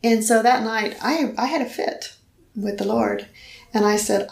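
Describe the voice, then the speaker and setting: A woman's voice: a little high, a little slow, creaky, reverberant, rough recording. Earnest woman telling a personal story. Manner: earnest storytelling, acts out quoted voices. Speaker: guest telling her story. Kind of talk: personal testimony in conversation.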